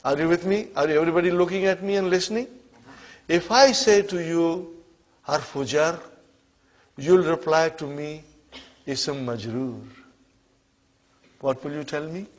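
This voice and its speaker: In a muffled, lo-fi classroom recording, a man teaches Arabic, leading call-and-response drills and often checking that students are keeping up. His voice is fairly high and unhurried, with frequent pauses.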